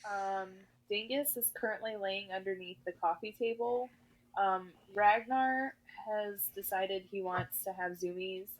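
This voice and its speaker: A woman's voice: medium pitch, unhurried, low-quality recording. A woman co-hosting a podcast in casual chat, rambling and giggling as she tells stories. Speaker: podcast co-host.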